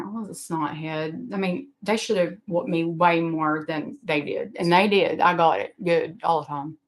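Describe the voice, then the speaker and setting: A woman's voice: mid-range voice, a bit bright. Rambling woman chatting live. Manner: rambling, emotional, self-deprecating. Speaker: livestream host. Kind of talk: casual live-stream chat.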